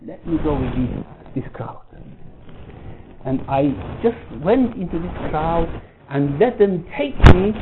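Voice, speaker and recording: A man delivers a religious lesson in a storytelling way, his voice set a little higher than most men's. He often stops mid-phrase to restart and rephrase. The sound is thin and phone-like, with a faint hiss underneath. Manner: halting, with frequent restarts and rephrasing. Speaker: religious teacher. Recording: tinny phone-like line with faint noise.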